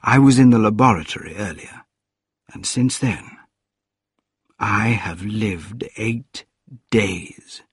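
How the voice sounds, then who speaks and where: A man voicing a tired gentleman inventor back from a journey, speaking quietly and slowly, often near a whisper. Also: fairly low pitch, breathy edge, dry recording, studio quality, pitched above the performer's own voice, full character voice. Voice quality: quiet, worn-out and hushed.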